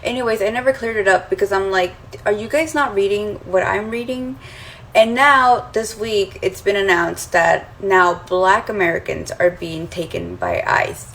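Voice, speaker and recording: A woman's voice: medium pitch, animated, moderate pace, a bit bright, slight background noise, rough recording. A woman content creator talking to camera in a casual, exasperated monologue, saying 'like' often. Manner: chatty and exasperated, uses 'like' a lot. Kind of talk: casual social media monologue.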